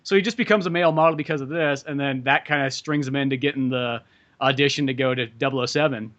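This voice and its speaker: A man's voice: mid-range voice, fairly even intonation, fast, fairly bright tone, dull audio. A man hosting a podcast in casual chat, rambling, swearing freely and acting out quotes in little voices. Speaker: podcast host.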